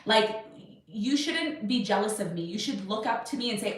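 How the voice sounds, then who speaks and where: A woman's voice: medium pitch, lively intonation, moderate pace, recorded from a distance. A woman in her thirties hosting an astrology livestream, talking casually and at length to her viewers with easy confidence. Her voice rings through a very echoey room. She sits a little back from the camera's microphone. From Jamaican, Irish and Serbian heritage. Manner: chatty and rambling, self-assured. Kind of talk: casual livestream chat answering viewer questions. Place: home desk with her cat on her lap. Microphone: webcam or camera at a desk.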